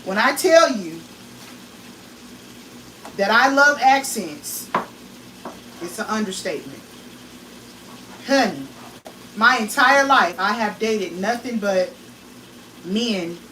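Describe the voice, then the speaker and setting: An American woman chatting casually while she cooks in her home kitchen, now and then calling out loudly across the house. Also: medium pitch, lively intonation, slow pace, pauses often, a little hiss or hum. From United States. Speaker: cooking vlogger. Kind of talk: casual chat while cooking. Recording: echoey kitchen, mic at a distance. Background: food sizzling in a pan.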